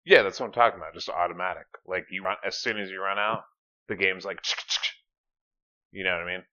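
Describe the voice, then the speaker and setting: A man with a fairly low but bright, forceful voice, talking fast and casually with plenty of fillers and cursing. He co-hosts a podcast and keeps the chat loose and energetic. His mic sounds muffled and lo-fi. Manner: profane, filler-heavy, energetic. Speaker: podcast co-host. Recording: dull lo-fi mic.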